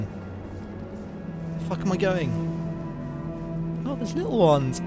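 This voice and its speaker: Lively sweary young man. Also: on the high side, slow, long pauses. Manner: rambling, sweary, jokey, shouts at the game. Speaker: let's play host. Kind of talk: casual game commentary. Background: game music.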